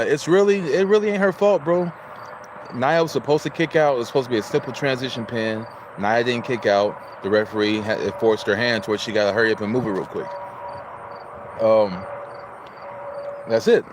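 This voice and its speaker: This Illinois livestream host, a man from the United States, keeps things casual as he greets viewers, chats, and reads out messages from the chat. He speaks in a lowish voice over some background noise.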